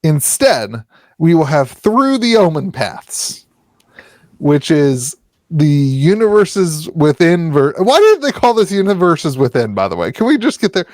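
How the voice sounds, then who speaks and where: A man's voice: on the high side, big pitch swings, unhurried, darkish tone, dry recording. A man hosting a podcast in casual chat, rambling with restarts and frequent laughter. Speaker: podcast host.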